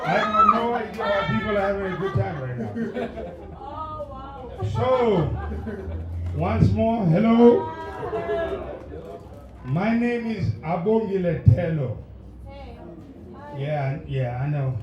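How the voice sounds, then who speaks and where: Male stand-up comic working the crowd with shouted bursts, voice a little off-mic in a live room. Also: high voice, slow pace, pauses often, dull audio, noisy background. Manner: loud crowd work, sudden shouted bursts. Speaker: stand-up comedian. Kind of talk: stand-up comedy set. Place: comedy club stage. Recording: roomy live venue, mic at distance, audience. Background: laughing audience.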